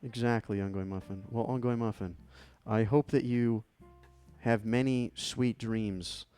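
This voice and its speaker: A man's voice: lowish voice, fairly even intonation, a little slow, warm tone, clean tone, soft background music. A man hosting a live stream, opening fan mail and chatting in a playful, joking, thankful way. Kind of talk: casual live-stream chat.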